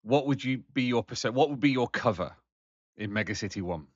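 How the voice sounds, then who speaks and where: A man's voice: medium pitch, lively intonation, fairly quick, dry recording, lo-fi sound. A man co-hosting a casual podcast, rambling with lots of fillers and restarts. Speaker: podcast co-host.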